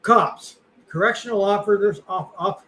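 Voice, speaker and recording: A man's voice: sits high, normal speed, sharp tone, poor audio. A middle-aged man co-hosting a podcast, chatting casually in a rambling, self-deprecating way with lots of fillers. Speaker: podcast co-host. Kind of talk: casual chat.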